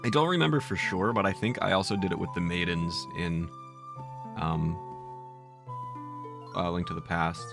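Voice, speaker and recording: Male game streamer, casual and jokey, low and gravelly, faint game music. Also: normal speed, long pauses. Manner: jokey, laughs at his own bits. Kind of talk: casual live-stream commentary.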